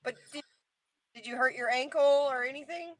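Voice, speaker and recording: Woman co-host, slightly high pitch, bright tone, casual chat on a video call, quick reactions. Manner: reacts with laughs and short comments. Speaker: guest co-host.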